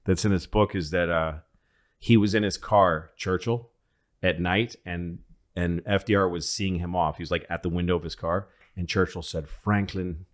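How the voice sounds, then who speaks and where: A man's voice: low-pitched, steady tone, normal speed. A man co-hosting a comedy podcast, telling a rambling history story in casual chat, swearing freely as he goes. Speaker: podcast co-host.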